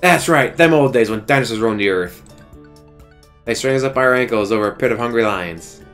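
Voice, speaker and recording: A man voicing a gruff, middle-aged drill-sergeant history teacher from a game, barking insults at his class. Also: mid-range voice, animated, a little fast, fairly bright tone, soft background music, natural voice.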